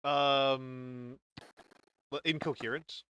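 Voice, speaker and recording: A man's voice: medium pitch, fairly even intonation, very slow, a bit bright, clean tone, no room sound. A man hosting a casual painting stream, rambling with lots of fillers and restarts. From northern region. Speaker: streamer and host.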